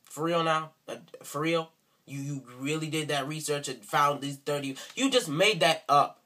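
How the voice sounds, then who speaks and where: Bright-voiced indignant man ranting. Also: on the high side, normal speed. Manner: indignant, repetitive, sarcastic. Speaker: video commentator. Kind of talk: ranting response video.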